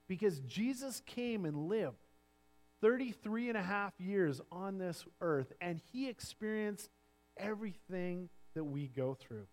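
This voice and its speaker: Male pastor, sermon delivery, slightly high pitch, earnest, dynamic swings between soft and strong. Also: lively intonation, a little slow. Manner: earnest preaching, drops to near-whispers and swells louder for emphasis.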